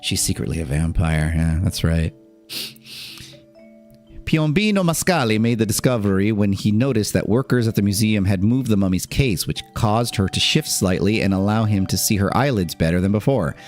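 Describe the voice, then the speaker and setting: A low-voiced man reads an article aloud on a live stream and breaks off for casual asides and laughs. Faint music plays in the background. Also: lively intonation, brisk, hardly any pauses, darkish tone.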